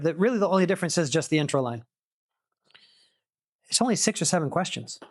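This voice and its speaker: A man coaching a room of real estate agents through cold-call scripts, energetic and repeating key points for emphasis. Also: on the high side, dry recording, studio quality. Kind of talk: teaching a sales boot camp.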